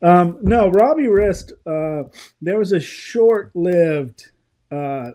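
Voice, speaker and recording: A man, a guest in a casual interview, telling animated, opinionated stories and laughing often. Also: high voice, slow pace.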